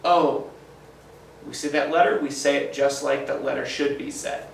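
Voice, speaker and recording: A male teacher giving a phonics lesson to children, sounding out letters slowly and encouragingly. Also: medium pitch, fairly even intonation, creaky, slight background noise. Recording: echoey room, mic at a distance.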